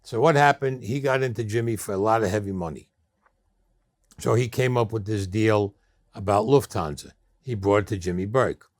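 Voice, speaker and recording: A man's voice: lowish voice, normal speed, dry recording. An older man with a New York accent telling blunt, streetwise stories as an interview guest, often acting out the people in them. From Brooklyn, New York. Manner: blunt, streetwise storyteller who acts out quoted people. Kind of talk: storytelling interview.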